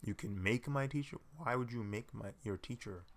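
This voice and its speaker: A young man hosting his channel, chatting casually and quietly with a dry sense of humor while he draws. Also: medium pitch, normal speed. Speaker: channel host. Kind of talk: casual chat while drawing.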